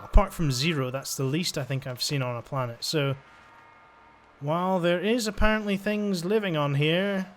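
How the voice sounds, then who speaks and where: Chatty man with a higher voice. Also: slight background noise. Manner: chatty, joking, thinks aloud. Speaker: let's-play gamer. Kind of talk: casual gameplay commentary.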